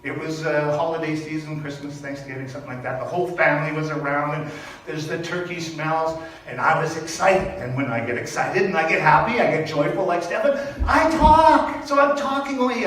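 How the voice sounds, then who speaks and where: An older man from Canada giving a personal sermon at a church service, telling stories with animated, emphatic repetition. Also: on the high side, a little fast. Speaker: speaker at a spiritual church service. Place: large echoey hall. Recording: very echoey hall from far off, faint noise.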